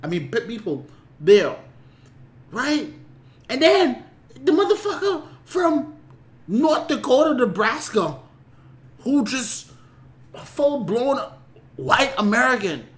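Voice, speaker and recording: A man's voice: extremely high pitch, very animated, slow pace, pauses often, roomy sound. Ranting man with wild swings in volume. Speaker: reaction video host. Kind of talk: ranting commentary.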